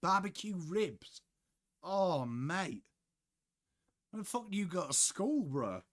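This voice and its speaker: Speaking slowly but with plenty of animation, this young English livestream host has a voice that sits high. He keeps things casual on a sports watchalong, reading out viewer messages and dropping the odd swear word.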